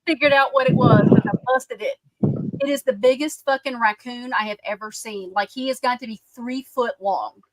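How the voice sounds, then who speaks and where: A woman with a Southern US accent and a slightly high voice hosts a livestream at normal speed, with background noise present. Her casual chat is blunt and heated, full of profanity.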